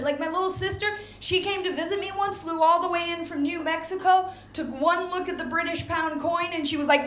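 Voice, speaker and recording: An American woman performing an animated stand-up comedy set on a stage microphone, switching into quick mimicry. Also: very high voice. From United States. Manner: brash, animated storytelling with mimicry. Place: comedy stage with live audience. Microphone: handheld stage microphone. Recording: echoey venue, audience noise.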